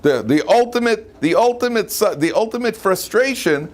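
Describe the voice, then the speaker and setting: A man, a rabbi, teaching an informal Torah class in a lively way, often asking his students questions. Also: sits high, normal speed, few pauses. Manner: lively, asks the class questions, frequent "right?".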